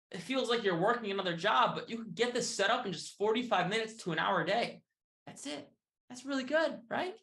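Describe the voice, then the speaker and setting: Guy doing a pushy upbeat sales pitch, keeps tossing in "right?" and "okay?". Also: a bit bright. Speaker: sales presenter. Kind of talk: hard-sell sales pitch.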